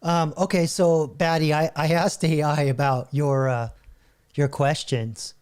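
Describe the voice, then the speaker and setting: A man's voice: on the high side, steady tone, unhurried, a little mellow, clean tone. A middle-aged man hosting a casual reaction video, chuckling often as he reads chatbot answers aloud. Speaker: channel host.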